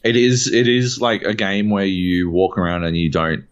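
Deep aussie guy ranting casually, swears a lot, kinda muffled audio. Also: moderate pace, clear, resonant tone. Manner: animated, profane, rambling with fillers. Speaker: podcast co-host. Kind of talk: casual chat.

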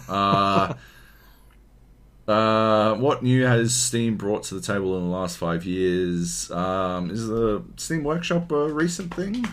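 A man's voice: lowish voice, slow. An Australian man from Queensland co-hosting a podcast in casual chat, often swearing and ranting. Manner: swears a lot, animated ranting. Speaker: podcast co-host.

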